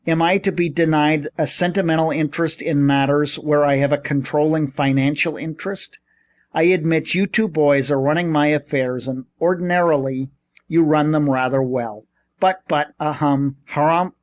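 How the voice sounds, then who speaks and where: A man's voice: fairly high pitch, moderate pace, close to an everyday voice. A man voicing a blustering, scolding old shipping magnate in an audiobook.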